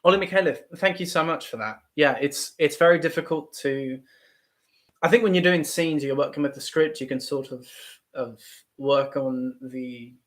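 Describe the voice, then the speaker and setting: A man's voice: on the high side, normal speed. A young man with a Midwestern American accent, hosting a casual livestream chat and talking things through with many restarts. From Ohio, United States. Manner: thoughtful, rambling with many restarts. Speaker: YouTube livestream host.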